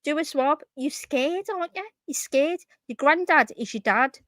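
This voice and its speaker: A high-pitched woman hosts a call-in stream in a heated live argument. She fires off profane, mocking taunts close to the microphone, and the sound is dry with no room around it. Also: animated, normal speed, fairly bright tone, no echo. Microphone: close desk mic.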